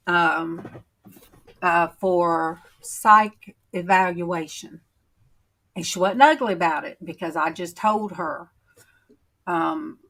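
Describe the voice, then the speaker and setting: A woman chatting on her faith livestream, talking slowly and emotionally with many pauses and fillers. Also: lowish voice, a bit bright. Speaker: channel host on a faith livestream. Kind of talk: casual chat, reading viewer comments.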